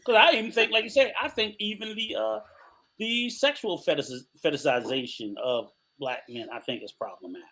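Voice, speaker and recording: An older man co-hosting a podcast in casual chat, telling animated stories, laughing often and acting out other people's voices. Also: on the high side, normal speed. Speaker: podcast co-host.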